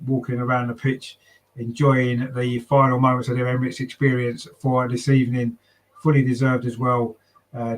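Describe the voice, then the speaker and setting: A man's voice: medium pitch, rough recording. A man from London with a southern English accent hosts a live fan watchalong, commentating on a match and reading out chat comments in a chatty way, with lots of ums and tag questions. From London, England.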